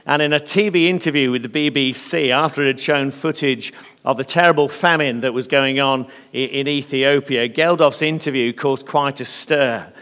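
A slightly hoarse man preaching a sermon in earnest, often pausing on fillers. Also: medium pitch. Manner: earnest, with hesitant fillers and softening in prayer. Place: church. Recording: long reverb of a church hall.

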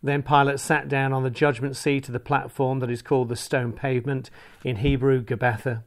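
A man reading a scripture passage aloud at a service. His voice sits at a middle pitch, and his delivery is measured and formal. He keeps a steady, unhurried rhythm throughout. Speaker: scripture reader.

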